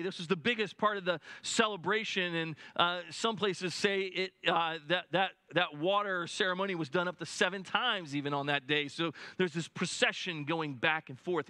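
High, bright-voiced preaching man. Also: dry recording. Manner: earnest, with many restarts, dropping low and soft at solemn points. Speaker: pastor. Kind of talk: sermon.

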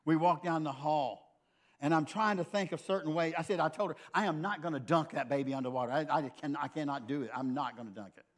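A man's voice: fairly high pitch, fast. An older man preaching a sermon, telling a personal story in an earnest, conversational way.

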